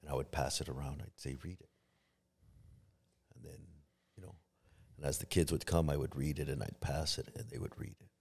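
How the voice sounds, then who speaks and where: A man's voice: rumbling low, fairly even intonation, a little fast, vocal fry, darkish tone, breathy edge. A middle-aged man, a pastor, telling a personal story in a podcast interview, with many restarts, acting out what others said. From Los Angeles area. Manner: storytelling, acts out quoted voices, many restarts.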